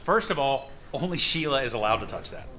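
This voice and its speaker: A man's voice: medium pitch, expressive, brisk, sharp tone, slight background noise. A man co-anchoring a morning news show, joking around in playful banter. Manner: playful, jokey. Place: TV news studio.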